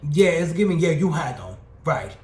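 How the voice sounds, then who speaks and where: A young man telling a storytime tale in an animated, profane, slang-heavy and sassy way. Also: fairly high pitch, moderate pace, faint music behind. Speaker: storytime vlogger. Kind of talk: casual storytelling rant. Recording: roomy echoey room.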